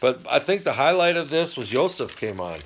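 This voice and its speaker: A middle-aged man talks casually at home, rambling from point to point and dropping wry jokes as he goes. His voice sits at an ordinary middle pitch for a man. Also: very animated, brisk, background noise. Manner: chatty, rambling, wry asides. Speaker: channel host recapping a TV show. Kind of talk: casual chat.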